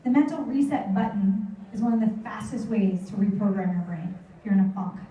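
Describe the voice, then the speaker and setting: A woman's voice: medium pitch, a little fast, a little hiss or hum. A middle-aged woman giving a motivational talk to a live audience, telling stories and acting out her children's voices. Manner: animated storytelling, acts out her kids' voices. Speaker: motivational speaker. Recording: echoey hall, voice from far off the mic.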